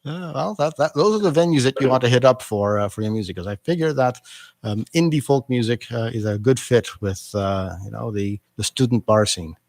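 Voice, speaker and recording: A man with a mid-pitched voice hosts a community radio interview. He stumbles through fillers and restarts as he talks, and his voice sounds dry and close to the mic. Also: brisk, a little mellow, no room sound. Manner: hesitant, with many fillers and restarts. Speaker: radio host.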